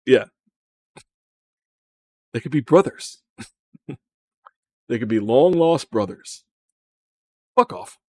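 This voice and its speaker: A man's voice: mid-range voice, darkish tone, breathy edge, dry recording. A man from the American South, mocking a video in casual, profane live commentary, laughing often. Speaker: streamer reacting to a video.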